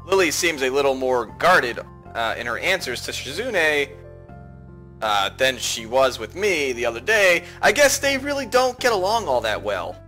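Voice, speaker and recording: A man reading a visual novel aloud for a playthrough, with lively, joking asides. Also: mid-range voice, normal speed, faint music behind. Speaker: let's play narrator.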